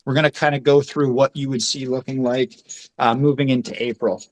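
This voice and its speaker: A man's voice: mid-range voice, little pitch movement, fairly quick. A man hosting a casual talk, rambling with many fillers as he talks it through. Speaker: host. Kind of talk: casual chat.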